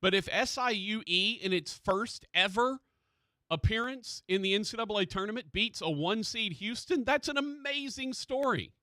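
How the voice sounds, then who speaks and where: Sports radio host, man, chatty and excitable, a bit high-pitched. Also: normal speed, dry recording, studio quality. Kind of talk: casual sports talk. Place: radio studio.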